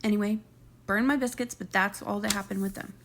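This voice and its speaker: A woman's voice: medium pitch, fairly even intonation, brisk, a little hiss or hum. A young woman casually recapping a reality show episode, chatty and opinionated with gossipy asides.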